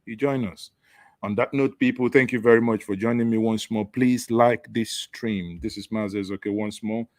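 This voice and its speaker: A man's voice: on the low side, fairly even intonation, normal speed, darkish tone, no echo. A man with a Nigerian accent hosting a call-in show, mocking the news with sarcastic jokes. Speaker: host taking callers. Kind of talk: satirical call-in chat.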